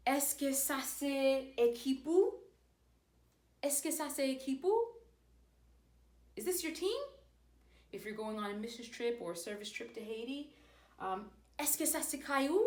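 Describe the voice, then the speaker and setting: A woman giving a casual language lesson, modeling phrases slowly and carefully. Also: mid-range voice. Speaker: language teacher. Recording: echoey room.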